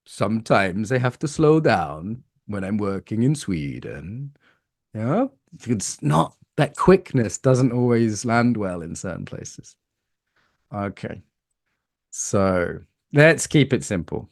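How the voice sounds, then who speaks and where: Workshop leader, British man, playful and animated, talks to a live room. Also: medium pitch, measured pace. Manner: lively, animated, playful, asks the room questions. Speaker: embodiment coaching teacher.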